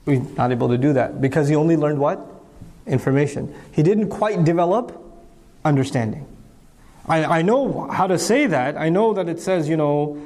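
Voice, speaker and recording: A man's voice: fairly high pitch, expressive, normal speed, darkish tone. A man giving an Islamic lecture, asking rhetorical questions and answering them himself, with emphatic repetition. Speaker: Islamic speaker.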